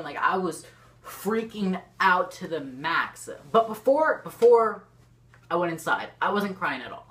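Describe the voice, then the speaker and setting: A teenage girl with a low, deep-set voice tells a storytime straight to her camera. She rambles and talks in excitable bursts, filling her talk with "like" and restarts. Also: moderate pace. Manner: rambling, lots of "like", excitable swings. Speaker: YouTuber. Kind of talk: storytime vlog. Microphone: camera facing the speaker.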